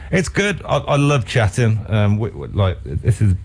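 A man's voice: on the low side, big pitch swings, measured pace, creaky, a little mellow, husky. A man hosting a casual chat, hesitant, repeating words and calling the guest mate. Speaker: show host.

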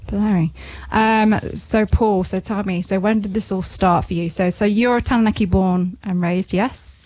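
A woman's voice: mid-range voice, fairly even intonation, measured pace, darkish tone, dry recording. A woman hosting a casual radio business show in the studio, bubbly and laughing, with lots of ums.

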